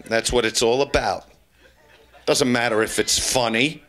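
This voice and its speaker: A man's voice: medium pitch, fairly even intonation, measured pace, fairly bright tone. A man doing live stand-up comedy on a club stage, crude and taunting the audience as he keeps repeating the same pun into a handheld mic.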